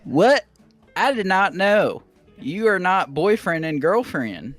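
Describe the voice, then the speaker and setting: A man doing a jittery yet composed teen chameleon with a raised, earnest voice in a silly fan story, slow and steady, faint music behind. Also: high voice, voice pushed up, exaggerated voice. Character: nervous but calm teen male chameleon.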